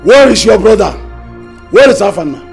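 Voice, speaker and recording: An actor with a Nigerian accent playing a stern palace elder who confronts the royal family and demands answers. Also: male voice, fairly high pitch, lively intonation, slow pace, vocal fry, darkish tone, faint music behind, full character voice. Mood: demanding. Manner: confrontational and commanding. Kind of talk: Nollywood film acting.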